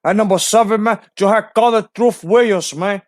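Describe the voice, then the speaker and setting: A man's voice: sits high, normal speed, no echo, clean studio sound, voice pushed up, lightly acted. A man voicing a swaggering, foul-mouthed Cuban gangster who taunts and boasts, tacking "man" onto nearly every phrase. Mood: boastful.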